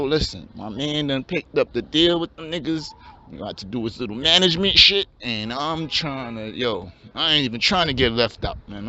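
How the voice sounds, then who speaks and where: In a comedy skit, a man voices a laid-back young male dreamer, drawling slang in a mumble. His voice is medium-pitched, bright and forceful, and the recording sounds dull and lo-fi with a faint hum.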